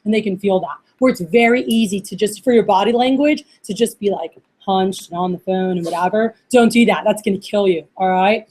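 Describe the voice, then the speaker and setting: A woman leading a live training workshop for a group, talking in an animated way, acting out phone calls and often checking in with "all right?". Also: medium pitch, brisk, few pauses.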